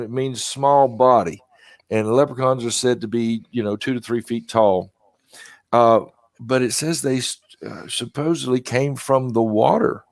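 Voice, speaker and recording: A man's voice: medium pitch, no echo. A man hosting a podcast, talking casually with lots of fillers and self-deprecating asides. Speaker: podcast host.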